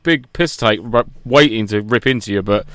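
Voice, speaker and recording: A man's voice: lowish voice, normal speed, a bit bright, clean tone, dry recording. A man co-hosting a casual podcast, rambling and teasing his co-hosts. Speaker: podcast co-host. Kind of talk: casual chat.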